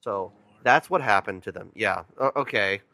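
A man's voice: lowish voice, normal speed, gravelly, pushed and bright, no echo. A man, a podcast co-host, casually recapping a movie in rambling talk full of restarts. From California. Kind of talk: casual movie-review chat.

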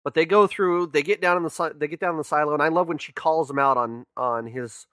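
A man's voice: fairly high pitch, fast talker, fairly bright tone, no echo, studio quality. A man, a podcast co-host, casually recapping a movie in rambling talk full of restarts. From California. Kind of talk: casual movie-review chat.

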